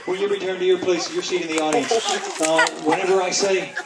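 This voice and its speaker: A man as a stage hypnotist giving suggestions and counts, teasing volunteers playfully and slowing into a soothing induction. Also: high voice, fairly even intonation. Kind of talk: hypnosis show patter. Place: outdoors in a yard at night. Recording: distant camera, echoey, noisy crowd.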